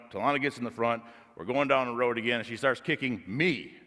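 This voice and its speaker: Male pastor, mid-pitched, storytelling sermon with emphatic peaks, long hall reverb. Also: moderate pace. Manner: storytelling, building to loud emphatic preaching.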